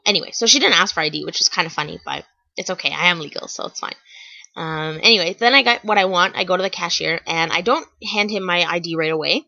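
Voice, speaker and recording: A woman's voice: fairly low pitch, gravelly, pushed and bright, no echo, lo-fi sound. A young woman telling funny stories to camera in a chatty vlog, with lots of fillers and restarts. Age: young adult. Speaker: vlogger. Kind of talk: casual storytelling to camera.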